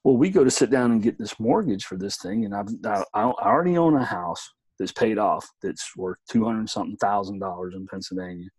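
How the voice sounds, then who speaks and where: A man's voice: fairly low pitch, a little fast, hardly any pauses, a little mellow, husky, dry recording, low-quality recording. A middle-aged man telling a story in casual chat as a podcast co-host, laid-back, swearing, often saying "man".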